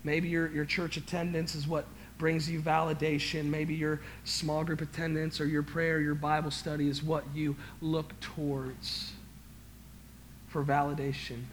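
A man preaching a sermon as pastor, emphatic, swinging from quiet to loud, stammering and repeating words when he gets worked up. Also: on the high side, little pitch movement, unhurried, slight background noise.

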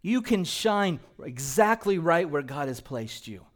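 A male pastor preaching a sermon in a church, moving from quiet, low passages to loud, emphatic ones. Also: big pitch swings, a little slow. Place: church sanctuary.

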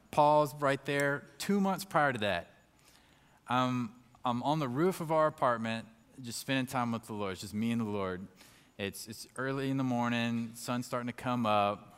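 A man sharing a personal testimony as a lively story and acting out his own thoughts as he goes. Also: medium pitch, clean tone, long reverb tail. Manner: animated storyteller who acts out his own inner thoughts.

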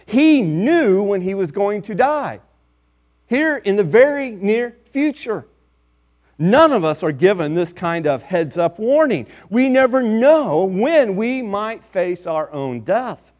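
High-voiced man preaching a sermon. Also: very animated, darkish tone. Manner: emphatic, measured preaching with scripture readings.

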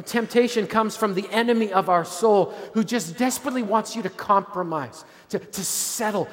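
High-voiced preacher in a reverberant hall. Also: male voice. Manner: earnest, repeats and restarts, drops to a low hush for emphasis. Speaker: pastor. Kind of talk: sermon.

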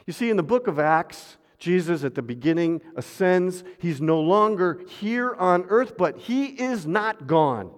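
A man's voice: sits high, expressive, measured pace, hardly any pauses. Preaching man with a ringing hall echo. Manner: dramatic swings between loud refrains and hushed asides; calls on the congregation to repeat a refrain. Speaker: pastor. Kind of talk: sermon. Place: church sanctuary. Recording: long hall reverb.

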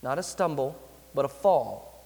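A man's voice: mid-range voice, lively intonation, vocal fry, warm tone. Man preaching in a reverberant hall. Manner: earnest preaching with slowed emphatic phrases. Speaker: pastor. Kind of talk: sermon.

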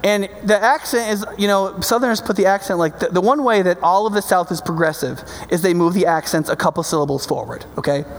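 Fairly quick and with few pauses, a high-pitched male pastor delivers his sermon in a large, reverberant hall. He keeps things conversational and checks in with listeners, then surges into emphatic, loud, passionate climaxes.

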